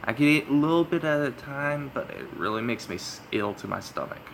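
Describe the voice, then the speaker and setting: A young man with a raspy, monotone voice, casually commenting and reading aloud as he plays a visual novel, rambling with many fillers. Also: medium pitch, brisk, background noise. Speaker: gamer playing through a visual novel.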